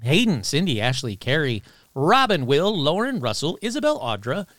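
A man hosting a paranormal podcast in a casual, chatty way, reading shout-outs and joking with himself. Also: a little high, normal speed, very noisy. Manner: chatty, animated, talks to himself. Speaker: podcast host.

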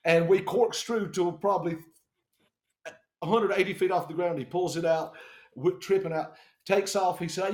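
Animated storyteller man with a raised pitch. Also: normal speed, reverberant. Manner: animated, profane, acts out the people he quotes. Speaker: band member telling a tour story. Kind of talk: casual storytelling.

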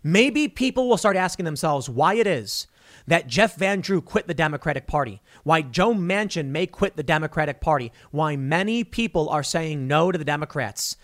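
A man in his thirties delivers opinionated online commentary at a rapid clip. His voice sits a little high for a man, and his tone is combative and sardonic throughout. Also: animated. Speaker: political commentary host.

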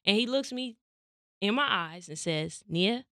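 This podcast host, a young adult woman from California, speaks at a measured pace with a medium-pitched voice. She's animated as she tells a personal story in casual conversation, performing the quoted dialogue, in a dry, studio-quality recording.

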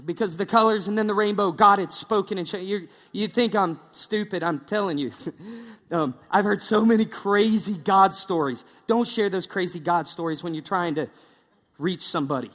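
A man's voice: high-pitched, normal speed, fairly bright tone, in a large hall. A male pastor preaching a casual, joking sermon, slipping into mocking impressions.

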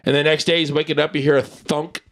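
A man's voice: a little high, little pitch movement, fast, a bit bright. A man in casual chat, rambling through a film recommendation with filler words and swearing. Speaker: podcast co-host.

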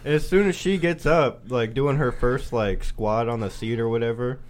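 Young male co-host, teasing storyteller, average pitch. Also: slight background noise. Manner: teasing, storytelling, quick jabs. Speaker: podcast co-host. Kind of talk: casual crude banter.

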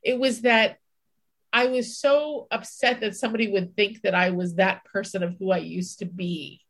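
A woman's voice: mid-range voice, steady tone, moderate pace. A woman co-hosting a podcast, telling a personal story in casual chat, candid, swearing and acting out her own inner voice. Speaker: podcast co-host.

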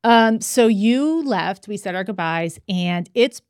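Animated woman telling a funny story. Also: medium pitch, slow pace, clean tone, dry recording, clean studio sound. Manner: animated storytelling, acts out quoted voices. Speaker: podcast host. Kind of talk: casual chat.

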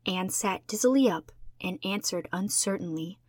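A woman reading a classic novel aloud in a measured, expressive storybook narration. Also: medium pitch, no echo. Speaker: audiobook reader.

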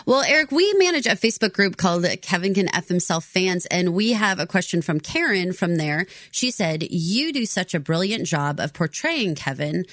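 A woman's voice: fairly low pitch, big pitch swings, moderate pace, hardly any pauses, a bit bright, no room sound, clean studio sound. A woman co-hosting a podcast interview, chatty and giggly. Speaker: podcast co-host. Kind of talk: casual interview chat.

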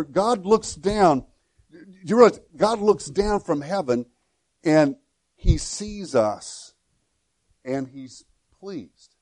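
A man's voice: fairly high pitch, lively intonation, slow, long pauses, darkish tone, no room sound. A middle-aged man pastor giving a conversational sermon, with frequent restarts and repeated words.

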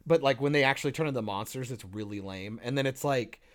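A man chatting casually on a podcast over a call, animated and profane, laughing often. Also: medium pitch, fast. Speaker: podcast co-host.

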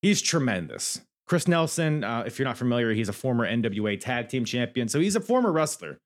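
A man hosting a podcast in a loose, rambling review style, swearing as he goes. His pitch swings up and down a lot as he talks, and he sounds candid and unpolished. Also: very animated, brisk. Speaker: podcast host.

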